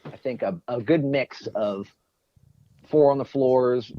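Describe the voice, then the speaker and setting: A man's voice: medium pitch, slow pace. A man in casual podcast chat as a guest co-host and former bandmate, rambling and joking. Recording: muffled lo-fi audio.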